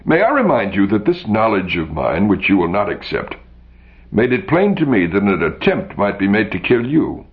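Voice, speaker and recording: A man's voice: fairly low pitch, big pitch swings, normal speed, pitched above the performer's own voice. A man reading aloud, voicing a cool, refined male dandy who speaks in a precise, insistent way. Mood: urgent. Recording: dull lo-fi recording.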